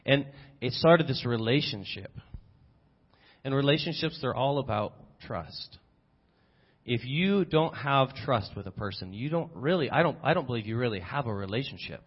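A man's voice: mid-range voice, expressive, normal speed, husky. A man preaching an earnest, personal sermon as a visiting missionary, often restarting his sentences. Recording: dull lo-fi sermon recording.

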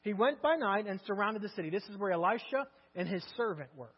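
Man preaching a sermon, high husky voice, conversational with rhetorical questions, long hall reverb, dull lo-fi sound, mains hum. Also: expressive, fairly quick.

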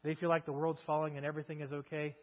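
A man's voice: on the high side, level tone, very fast. A male preacher giving a sermon, telling the story in a conversational way with many rhetorical questions. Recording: echoey hall, dull lo-fi sound, mains hum.

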